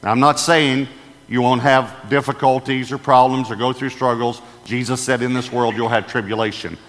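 A man's voice: mid-range voice, steady tone, normal speed, a bit bright. Male pastor with a mid-range voice, preaching an emphatic sermon in a large church auditorium with a long reverb tail. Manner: emphatic, repeats key phrases.

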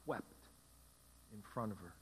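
A male pastor preaching a sermon, repeating key phrases with emphatic, dramatic pauses. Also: on the low side, big-room sound, slight background noise.

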